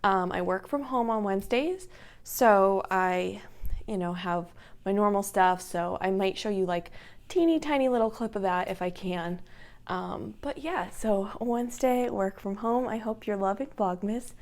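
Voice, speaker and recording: A woman's voice: mid-range voice, a little slow, darkish tone. A young woman vlogging at home in a chatty, upbeat way with lots of ums. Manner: upbeat, chatty, filler-heavy. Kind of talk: casual vlog chat.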